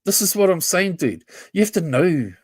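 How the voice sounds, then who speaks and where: A man's voice: high-pitched, sing-song, normal speed, breathy edge. A man ranting confrontationally on a casual livestream, swearing and repeating himself. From New Zealand.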